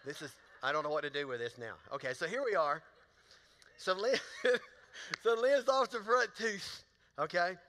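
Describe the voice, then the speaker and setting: Speaking at a moderate pace, a male pastor uses a high, expressive voice that comes out pushed and bright. His sermon leans on folksy storytelling and questions to the people in the pews. The large church auditorium adds a long hall reverb.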